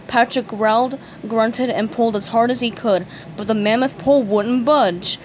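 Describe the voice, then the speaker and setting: A woman reading a cartoon fan story aloud, slowly and carefully, with the odd stumble. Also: a little high, darkish tone, a little hiss or hum, poor audio. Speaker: fan fiction reader. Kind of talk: storybook read-aloud narration.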